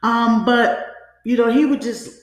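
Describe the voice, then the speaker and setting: A woman's voice: on the high side, steady tone, measured pace. A woman hosting a podcast, telling a personal story in a casual, confiding way, often saying "you know" and "like" and acting out quoted lines. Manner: frequent fillers like "you know" and "like". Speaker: podcast host. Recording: very echoey room.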